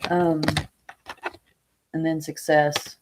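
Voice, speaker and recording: A woman's voice: sits low, little pitch movement, extremely slow, noisy background. A woman reading tarot cards on a casual live stream, chatting with viewers by name and thinking aloud as she lays out the cards. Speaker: tarot reader.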